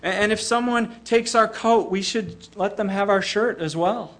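A man's voice: sits high, normal speed, a bit bright. An older man preaching a sermon in an earnest way, often repeating a small word as he starts a phrase.

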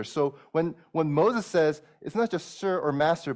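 A man's voice: fairly high pitch, unhurried, hardly any pauses, a little mellow. A man in his thirties, a pastor preaching a sermon in an earnest way, often restarting and repeating words as he explains.

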